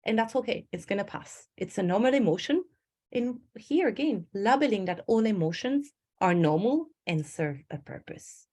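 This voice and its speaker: Middle-aged woman coach, lively storytelling webinar delivery. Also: mid-range voice, normal speed. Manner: animated storytelling with acted inner voices. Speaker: stress management coach. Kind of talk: webinar presentation.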